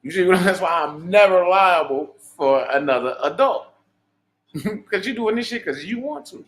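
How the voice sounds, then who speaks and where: Streamer, male, high-pitched, profane preachy monologue. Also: expressive, normal speed, fairly bright tone. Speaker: livestream host. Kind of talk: unscripted livestream monologue.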